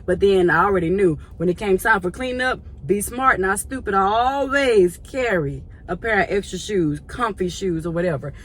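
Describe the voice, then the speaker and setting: A woman and church volunteer telling a casual story to her viewers in a chatty, animated way. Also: medium pitch, normal speed, hardly any pauses, a little hiss or hum.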